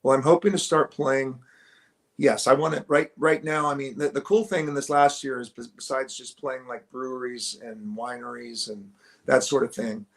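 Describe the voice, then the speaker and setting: A man's voice: medium pitch, steady tone, normal speed. A male musician talking casually in an interview, hesitant, with many restarts and fillers, close to the camera at home. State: morning voice. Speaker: musician guest. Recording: clear guitar music behind.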